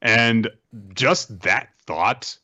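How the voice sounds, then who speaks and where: A man's voice: medium pitch, drawn-out words, dull audio. A man co-hosting a casual podcast, recapping chapters and laughing as he tells the story. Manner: laughing, animated storytelling with acted-out quotes. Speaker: podcast co-host. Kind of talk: casual manga recap chat.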